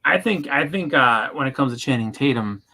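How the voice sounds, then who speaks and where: Bright-voiced man chatting. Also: medium pitch, animated, a little fast. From Boston. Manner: loose, filler-heavy storytelling. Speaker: podcast co-host. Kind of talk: casual chat.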